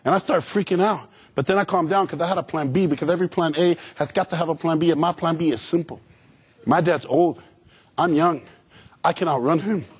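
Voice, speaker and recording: A man giving an energetic, humorous motivational speech to students, calling out to the crowd for answers. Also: fairly high pitch, brisk, slight background noise. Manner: animated, humorous, call-and-response with audience. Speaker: motivational speaker.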